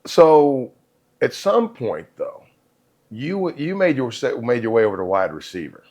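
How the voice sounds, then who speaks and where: A man hosting a podcast interview, encouraging his guest with quick affirmations. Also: medium pitch, sing-song, a little mellow. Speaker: podcast host. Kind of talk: casual interview.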